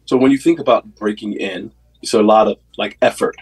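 A man's voice: lowish voice, a little fast, slightly rough, rough recording. A man in his thirties, a basketball coach, telling his story in a casual interview, earnest and full of faith, with many fillers. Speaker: NBA player development coach, guest.

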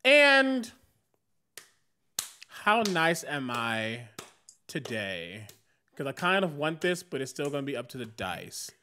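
A man's voice: on the high side, very animated, slow pace, long pauses, bright, forceful tone, smooth. A man running a tabletop game as game master, narrating casually with many fillers.

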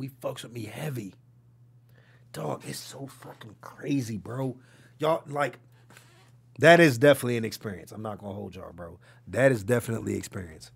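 Brief: young male streamer, gravel in the voice, a bit husky, big loud-to-quiet swings. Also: mid-range voice. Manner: animated storytelling, swears freely, swings from loud to hushed. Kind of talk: casual chat reading a stream chat.

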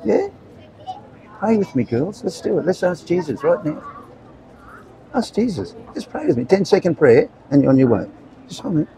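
An Australian man in his seventies preaches on the street, earnest and friendly, leaning on a habit of asking "right?" and "okay?". His voice sits fairly high for his age, with a faint hiss behind it. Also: very animated, normal speed, long pauses. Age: 70s. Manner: earnest, chatty, checks in often with "right?" and "okay?". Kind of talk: street evangelism to passers-by. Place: outdoors on a street.

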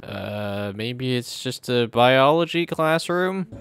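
A man's voice: medium pitch, lively intonation, takes it slowly, music in the background. Man joking through a horror game playthrough. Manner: joking, talks back to game characters. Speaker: gameplay commentator. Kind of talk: casual let's-play commentary. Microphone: headset.

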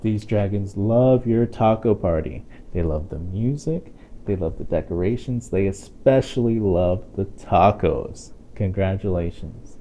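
A man's voice: low-pitched, a little slow, slight background noise. Playful man reading a picture book. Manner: playful and expressive, chatty asides to a listening child. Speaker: storytime reader.

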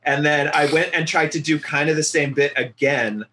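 A man's voice: a little high, steady tone, normal speed, bright, forceful tone, slight background noise. A man from near Winnipeg hosting a casual podcast, telling stories about himself with a self-mocking manner and frequent laughs. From near Winnipeg, Canada. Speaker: podcast host.

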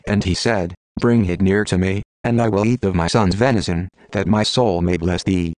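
A synthetic male text-to-speech voice reading scripture in an even, measured way. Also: low-pitched, dry recording. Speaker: Bible reader.

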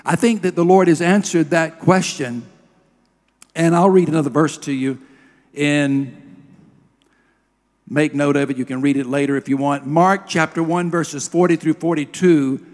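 A middle-aged man preaching with a slightly raised voice, recounting stories in earnest. His tone drops low and soft at emotional points. The sound carries a long reverb from a large hall. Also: fairly even intonation, measured pace, pauses often. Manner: earnest storytelling, drops to a hush at emotional moments. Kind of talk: sermon.

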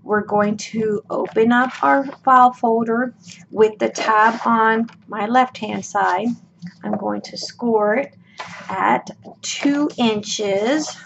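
On a dull, lo-fi recording with clear room noise, a craft tutorial host talks through each step. Her fairly high voice is steady and slow, though worn out, and her chatty, folksy manner is full of ums and okays.

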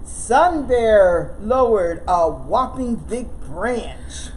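A woman children's librarian reading a picture book aloud, expressive and slow. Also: mid-range voice, slight background noise, low-quality recording. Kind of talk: storybook read-aloud narration.

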